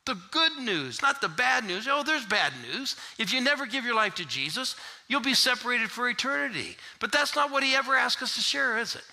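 A middle-aged man preaching a sermon as pastor. He swings from shouted call-and-response with the congregation to hushed, quiet storytelling. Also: very high voice, animated, a little fast, vocal fry, few pauses. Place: church.

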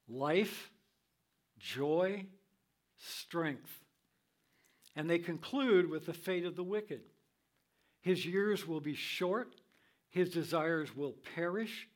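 An older man teaching from the Bible in a sermon style, reading scripture in a measured, deliberate way. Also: on the high side.

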